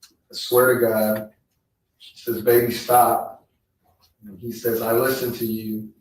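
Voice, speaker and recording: A man on the witness stand reading text messages aloud in a slow, measured way. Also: mid-range voice, flat delivery. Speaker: trial witness. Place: courtroom. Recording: echoey courtroom feed, distant mic.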